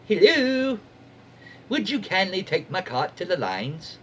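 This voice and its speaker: A man's voice: high voice, big pitch swings, slow, a bit bright, slight background noise, pitched above the performer's own voice, heavily acted. A man voicing a pushy elderly woman shopper who talks in a foreign accent and insists on favors. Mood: insistent. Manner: demanding, insistent.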